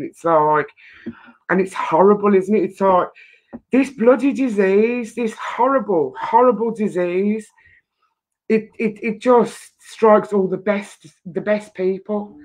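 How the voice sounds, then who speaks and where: Hosting a relaxed live stream, an English-accented woman chats away, emotional and given to mild swearing. She speaks in a mid-range voice at a measured pace.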